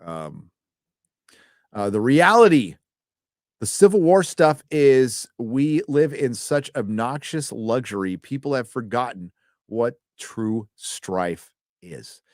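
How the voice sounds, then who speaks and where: A male live-stream host with a medium-pitched, darkish voice reads donations slowly, with lively intonation. He is loose and profane and often trips over his words, and the recording is dry and close.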